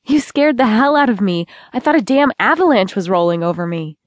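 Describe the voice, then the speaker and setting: A woman reading an audiobook voices a flustered young woman who speaks in a nervous, clipped way, lifting her voice higher than her narration. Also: lively intonation, a little fast, dry recording, lightly acted. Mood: guarded.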